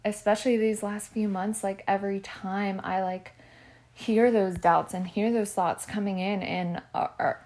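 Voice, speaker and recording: A young woman telling a personal story in a vlog, chatty and animated, with "like" in nearly every sentence. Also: medium pitch. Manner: chatty, fills speech with "like"; animated and emotional while retelling. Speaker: vlogger.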